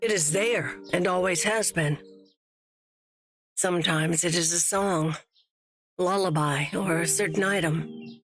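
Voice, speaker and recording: A woman giving slow, reflective scripted narration for a video game. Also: lowish voice, faint music behind.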